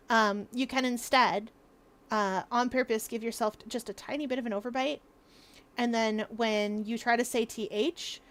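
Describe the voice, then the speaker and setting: Chatty young woman streamer, slightly high. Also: a bit bright. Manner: chatty and explanatory, with frequent laughs and fillers. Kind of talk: casual livestream chat.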